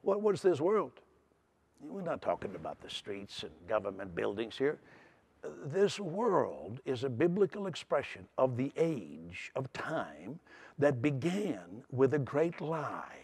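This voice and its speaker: A man's voice: medium pitch, big pitch swings, slow, darkish tone, slightly rough. A man preaching a sermon in an earnest way, often restarting and repeating words.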